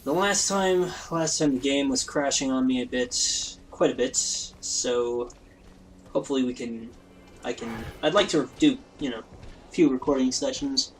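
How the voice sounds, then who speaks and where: A let's play host with a medium-pitched voice gives unhurried, rambling, jokey commentary while playing a game, often poking fun at himself. The recording is rough, with slight background noise.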